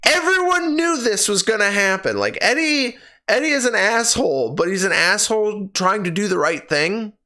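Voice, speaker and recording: A man reviews a film casually on his stream through his personal streaming microphone, ranting in exasperation and swearing freely. His voice sits high and sharp, animated at normal speed with few pauses.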